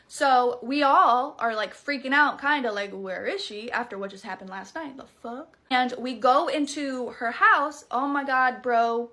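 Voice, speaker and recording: Bright, animated woman telling a scary story. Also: high-pitched, a little slow, few pauses. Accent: Southern US. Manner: animated, profane, dramatic asides. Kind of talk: casual storytime.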